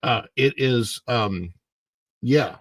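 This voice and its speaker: A man hosting a casual livestream, chatting and reading viewer comments while his voice is hoarse from the morning and he keeps clearing his throat. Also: mid-range voice, very slow, a bit bright, no echo. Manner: rambling, chatty, greets viewers by name. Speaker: livestream host.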